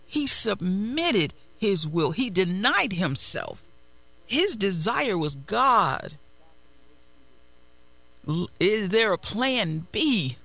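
A man preaching a sermon, slow and emphatic, repeating phrases and adding prayerful asides. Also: sits high, vocal fry, bright, forceful tone, no echo. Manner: prayerful asides while searching the text.

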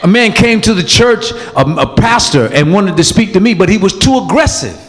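A man preaching a sermon as pastor, emphatic and animated, calling out to the congregation. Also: high voice, normal speed, long reverb tail.

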